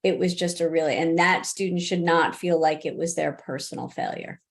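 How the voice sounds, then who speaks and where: A woman's voice: low voice, steady tone, moderate pace, gravelly. A middle-aged woman answering interview questions as a college disability services expert, talking conversationally with many restarts and fillers and laughing easily.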